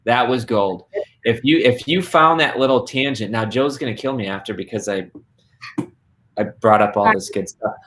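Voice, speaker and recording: A man's voice: medium pitch, normal speed, a bit bright, slight background noise. Enthusiastic man hosting a book launch. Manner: enthusiastic, repeats himself, speaks to the audience as folks. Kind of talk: live online book-launch interview. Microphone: live online video stream.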